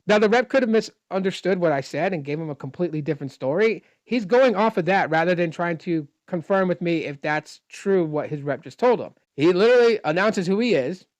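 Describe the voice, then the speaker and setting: With a high voice and lively intonation, a man talks fairly quickly and hardly pauses, recorded without echo. Frustrated by a customer service call, he tells the story as a casual rant, retelling the dialogue in his own voice and explaining technical details at great length.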